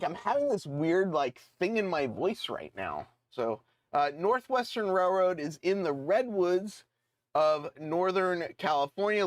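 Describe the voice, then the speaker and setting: A model railroad streamer with a notably high, slightly bright voice that keeps cracking reads a letter aloud on a live stream. He talks loosely, with lots of fillers and jokey, self-deprecating asides, and the audio is dry and close, with no echo or room sound.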